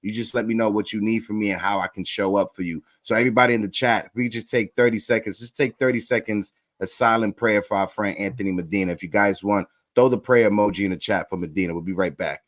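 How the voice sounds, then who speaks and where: A man's voice: lowish voice, fairly even intonation, fast, hardly any pauses, no room sound, clean studio sound. A man hosting a live sports show, speaking earnestly and from the heart to his chat, sometimes repeating himself. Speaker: podcast host.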